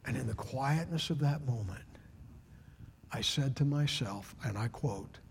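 A middle-aged man preaching a sermon as pastor, swinging from loud shouts down to hushed whispers. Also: mid-range voice, unhurried, vocal fry, slight background noise. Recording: long reverb of a large hall.

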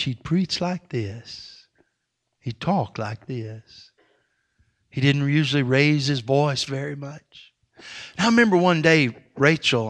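A Baptist preacher delivering an impassioned sermon, swinging between near-shouted exhortation and hushed storytelling. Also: male voice, medium pitch.

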